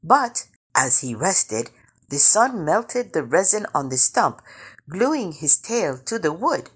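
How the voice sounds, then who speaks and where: A woman reading a children's picture book aloud, slow and expressive. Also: fairly low pitch, husky. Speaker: storyteller.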